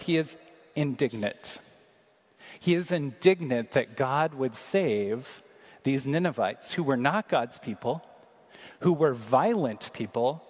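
Man, pastor, earnest emphatic sermon, mid-pitched voice, long hall reverb. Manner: earnest, emphatic preaching, slows for scripture reading.

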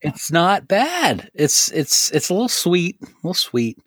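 Man, podcast co-host, husky, animated, teasing, laughs a lot, dry close sound. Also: high voice, a little slow, no echo. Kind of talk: casual banter and read credits.

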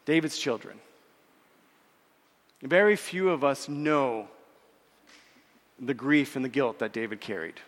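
A man preaching a sermon in an earnest way, repeating words and slowing down when he quotes scripture. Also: medium pitch, long reverb tail. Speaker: pastor.

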